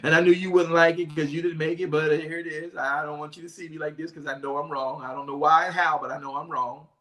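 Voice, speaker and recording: A man's voice: on the high side, level tone, fast talker, bright, forceful tone. A man preaching, playing a sheepish, caught-out man who stammers and hesitates as he explains himself. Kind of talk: preaching with acted-out Bible scene.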